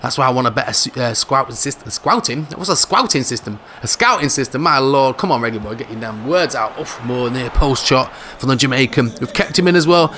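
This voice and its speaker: Here the same gaming host speaks at a medium pitch, brisk and with few pauses, tossing off playful football banter about his own match. There's a faint hiss or hum in the audio, and his commentary stays lively and jokey.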